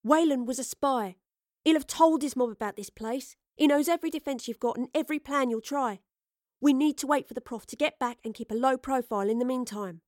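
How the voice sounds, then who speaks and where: A woman's voice: high-pitched, fairly quick, no echo, clean studio sound, voice pushed up, natural voice. Astrid, a woman voicing a blunt slangy streetwise fighter. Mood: impatient. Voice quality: slangy, rough-edged dialect. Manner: blunt, loud, pushy.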